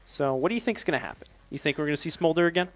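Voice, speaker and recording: A man's voice: fairly high pitch, animated, rapid-fire, soft background music. A young man giving upbeat, live play-by-play commentary on an esports match and explaining strategy at length.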